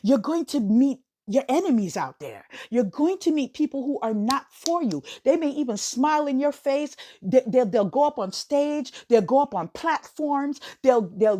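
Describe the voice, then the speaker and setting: Lively American woman podcast host. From United States. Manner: animated, laughs often, swoops up high for emphasis. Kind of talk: casual monologue.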